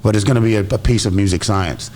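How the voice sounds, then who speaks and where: A man, an actor guest, chatting in a relaxed, storytelling way during an interview. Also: lowish voice, quick pace. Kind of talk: casual interview chat.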